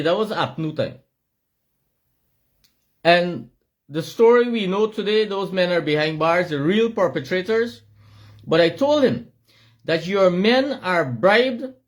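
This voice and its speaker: This high-pitched, middle-aged Guyanese man speaks with a Guyanese accent. He shouts an impassioned monologue, hammering his points home through emphatic repetition.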